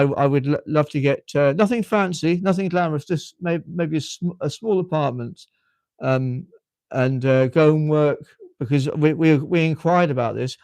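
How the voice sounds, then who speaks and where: A man in his fifties from the United Kingdom, with a well-spoken British accent, hosts a casual live chat and often pauses to repeat himself. His voice sits a little high with a darkish tone, and there's no echo.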